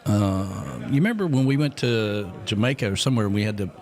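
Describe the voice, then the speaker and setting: Lively, jokey man with a Jersey accent. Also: quick pace. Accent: New Jersey. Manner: chatty, jokey, lively pitch swings. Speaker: radio show host. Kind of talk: casual on-air chat.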